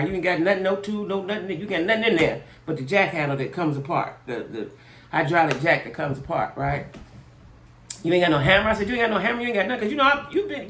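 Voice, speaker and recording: A woman host casually telling her viewers a long, exasperated story in a chatty, animated way. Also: fairly low pitch. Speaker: channel host. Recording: echoey room.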